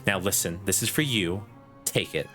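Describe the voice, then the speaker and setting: A man's voice: low-pitched, moderate pace, music in the background, lightly acted. A man voicing a haughty woman professor who grades everyone, reading in a prim, lecturing Valley Girl lilt.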